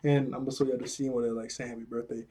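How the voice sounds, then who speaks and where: A man's voice: medium pitch, level tone, racing, mellow. A man casually recapping a cartoon episode, chatty and rambling, laughing often and using slang.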